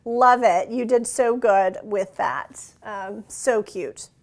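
A woman's voice: medium pitch, slow. A woman hosting a card-making channel, gushing and showering thanks as she shows handmade cards in a casual show-and-tell. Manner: gushing, warm thanks, frequent "so cute" exclamations.

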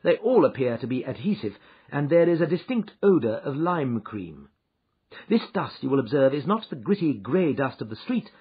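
Brief: male narrator doing a shrewd lecturing detective, husky, slightly high, in a dull lo-fi recording. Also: full character voice. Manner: brisk, lecturing, precise. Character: shrewd confident male detective, middle-aged. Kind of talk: audiobook character reading. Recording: dull, muffled audio.

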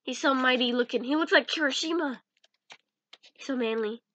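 A woman's voice: high-pitched, normal speed, fairly bright tone, dry recording. A young woman chatting casually in a vlog as she sorts through cards, giggling and mumbling names to herself. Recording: dull lo-fi sound.

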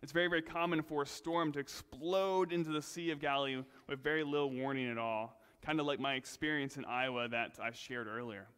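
A male pastor preaching a sermon in a relaxed, conversational way, with self-deprecating asides. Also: mid-range voice, fairly quick, hardly any pauses, clean tone, big-room sound. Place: church sanctuary.

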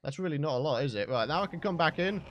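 A young British man giving excited, chatty let's play commentary as the host of a gaming channel. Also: on the high side, quick pace, lo-fi sound. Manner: excitable, chatty, bursts into shouts and laughs.

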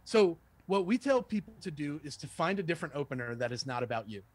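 A man who works as a sales trainer, giving a lively, conversational lesson and acting out sample phone calls. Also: fairly high pitch, fast, slightly rough, dry recording. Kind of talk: casual instructional talk with role-played calls.

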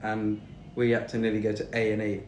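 A man's voice: lowish voice, completely flat delivery, fairly quick, a little mellow, a little hiss or hum. A young British man in his twenties, chatting and teasing casually while cooking in a home kitchen. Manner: banter, teasing and swearing. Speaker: streamer. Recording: roomy echoey kitchen.

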